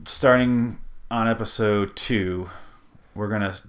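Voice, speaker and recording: A man's voice: fairly low pitch, fairly even intonation, slow pace. A man hosting a casual movie podcast, rambling and joking, swearing freely. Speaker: podcast host.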